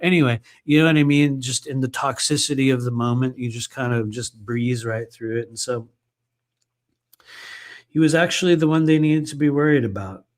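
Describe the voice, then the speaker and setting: A man's voice: medium pitch, normal speed. A man reading aloud from his own book and breaking off into loose, conversational asides, swearing freely. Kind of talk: live book reading with casual commentary.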